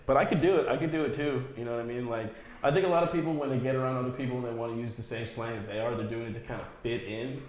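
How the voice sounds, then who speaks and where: A man in his thirties on a casual podcast, talking loosely with plenty of swearing and quick mock voices. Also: medium pitch, darkish tone. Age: 30s. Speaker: podcast co-host. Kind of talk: casual chat. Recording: echoey room with faint noise.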